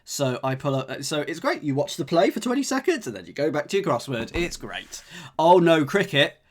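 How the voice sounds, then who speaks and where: A man's voice: a little high, very animated, fairly quick. Chatty man solving puzzles live. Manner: chatty, jokey, thinks aloud, talks to chat. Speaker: streamer solving cryptic crosswords with live chat. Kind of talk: casual live-stream chat.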